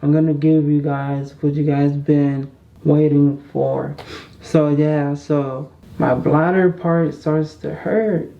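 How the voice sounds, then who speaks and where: A casual storytime vlog voice, chatty and blunt, circling back and repeating itself as it talks straight to the audience. The delivery is slow and drawn out. The sound is dull and lo-fi. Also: mid-range voice, little pitch movement, vocal fry. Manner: candid, chatty, repeats itself, addresses the viewers often. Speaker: vlogger.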